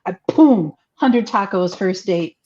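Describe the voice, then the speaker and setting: A woman's voice: mid-range voice, animated, slow, darkish tone, muffled recording. A woman co-hosting a casual chat show, reacting animatedly and laughing often. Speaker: co-host reviewing videos. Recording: faint background noise.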